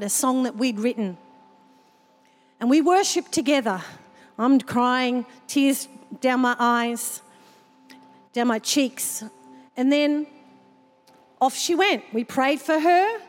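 A woman's voice: sits high, slow pace, long pauses. A woman pastor preaching a sermon at a church service, telling personal stories with feeling. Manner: emotional, personal storytelling. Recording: long hall reverb from the church.

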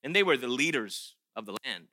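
A man preaching a sermon, animated and playful, often restarting his sentences and acting out quotes with sarcasm. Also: mid-range voice, brisk, dry recording, studio quality. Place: chapel or auditorium.

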